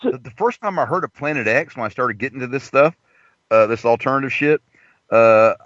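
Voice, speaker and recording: Lively, crude male show host. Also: medium pitch, brisk, no room sound, dull audio. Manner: crude, excitable, laughing storyteller. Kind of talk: casual chat.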